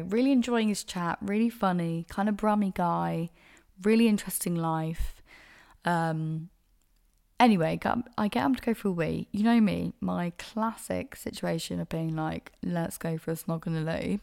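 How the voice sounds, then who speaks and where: A young woman sits alone at the mic and tells stories in a casual, animated way, swearing freely. Her voice sits low, with a gravelly, fry-heavy edge. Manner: frank, sweary, animated storytelling. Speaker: podcast host. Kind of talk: casual solo storytelling.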